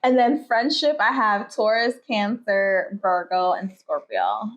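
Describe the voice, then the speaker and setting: A woman's voice: medium pitch, lively intonation, takes it slowly. A woman co-hosting a podcast in casual chat, a laid-back storyteller who swears casually. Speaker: podcast co-host. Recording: slightly muffled lo-fi audio.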